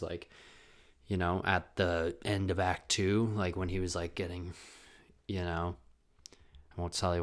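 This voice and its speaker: Young guy rambling into his camera mic at home, swears a lot, kinda low voice, jokes on himself. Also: fairly bright tone. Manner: rambling, profane, self-mocking. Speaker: podcast host. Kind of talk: casual solo monologue. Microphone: desk camera mic with ring light.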